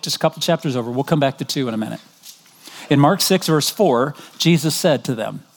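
A middle-aged man preaching a sermon as pastor, conversational, telling stories and quoting scripture. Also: on the high side. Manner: conversational, storytelling, animated when quoting.

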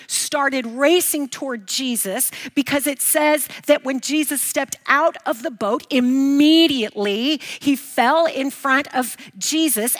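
A woman's voice: high-pitched, a bit bright. A woman teaching a bible lesson, emphatic, posing questions and answering them herself. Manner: emphatic, repeats key points, asks and answers own questions.

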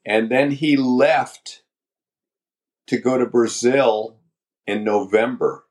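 An older man, a podcast guest, telling his story candidly in a halting, talkative way. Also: mid-range voice. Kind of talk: storytelling interview.

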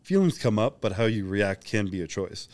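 This young man, a bodybuilding champion, is a podcast guest with a lowish, sing-song, slightly mellow voice. He talks fast, candid and profane. He acts out the dialogue of the people in his stories.

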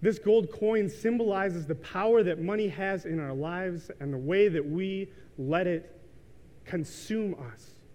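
A man's voice: sits high, measured pace, a little mellow. A man in his thirties preaching a sermon in a church, telling a story casually with lots of ums and likes. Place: church sanctuary. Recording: reverberant church hall.

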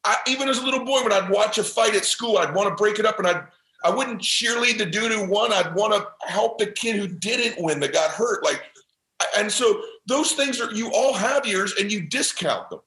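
A man's voice: sits high, lively intonation, normal speed, bright, forceful tone. Podcast guest, man, intense heartfelt motivational storyteller, some room echo. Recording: roomy echo.

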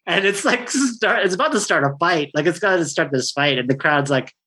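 A man's voice: a little high, lively intonation, brisk, pushed and bright, husky. Rambling, laid-back male comedian. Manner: rambling, laid-back, swears freely, laughs often. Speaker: stand-up comedian, guest. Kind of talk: casual chat.

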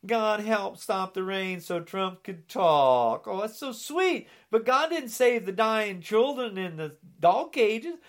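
A man's voice: sits high, expressive, slow pace, few pauses. A man delivering an angry political rant, sarcastic and indignant, often mocking.

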